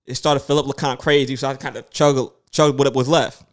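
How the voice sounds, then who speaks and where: A man in his thirties telling a story in casual chat, animated and swearing freely, acting out other people's lines. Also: mid-range voice, fast. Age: 30s.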